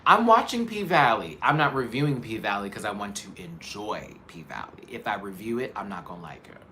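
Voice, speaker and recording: Sassy, animated male show host. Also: lowish voice, brisk, slight background noise. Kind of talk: casual commentary.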